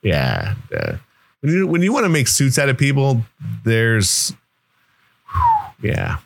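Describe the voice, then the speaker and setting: A man with a deep voice co-hosting a podcast in relaxed, joking chat. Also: takes it slowly, creaky. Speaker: podcast co-host.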